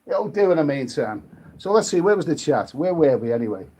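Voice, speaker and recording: A man's voice: a little high, very animated, brisk, warm tone, breathy edge. A British man hosting a casual late-night live stream, rambling and chatty, often restarting his sentences and reading viewer comments.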